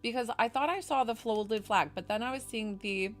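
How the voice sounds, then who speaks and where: A woman's voice: a little high, normal speed. A woman from New York doing a chatty, effusive psychic reading on a live stream. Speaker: psychic medium.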